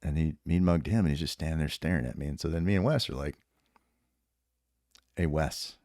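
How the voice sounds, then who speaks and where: Very deep-voiced man telling stories. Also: very fast, no echo, studio quality. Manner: animated and profane, laughs often and acts out the quotes in his stories. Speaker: podcast guest, retired special operations sergeant major. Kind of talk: casual storytelling.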